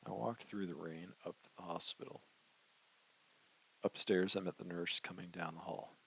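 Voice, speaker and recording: Man narrating an audiobook, deep rough voice, steady somber pace. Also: normal speed, a little hiss or hum, rough recording. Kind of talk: first-person novel narration.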